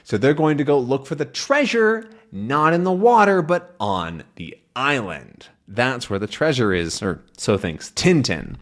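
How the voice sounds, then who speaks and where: A young man teaching English, explaining a comic slowly and clearly for learners. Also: mid-range voice. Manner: slow, clear and animated.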